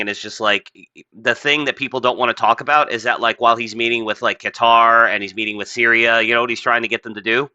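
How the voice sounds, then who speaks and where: A podcast host rambles through casual, opinionated chat, swearing, stuffing his speech with "like," and laughing often. His medium-pitched voice is fast and sharp with fairly even intonation. The recording is dry and the audio dull.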